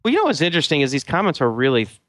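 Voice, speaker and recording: A man co-hosting a podcast, talking in a thoughtful, halting way with many restarts. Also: fairly high pitch, wildly swooping pitch, fairly bright tone, no room sound, clean studio sound. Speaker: podcast co-host. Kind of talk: casual chat.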